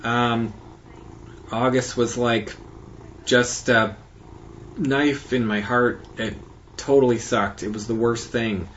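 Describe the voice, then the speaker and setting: Slow, halting man rambling on a podcast. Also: medium pitch, fairly even intonation, a bit bright, dull audio, a little hiss or hum. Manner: halting, rambling, many fillers and restarts. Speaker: podcast host. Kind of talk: casual monologue recap.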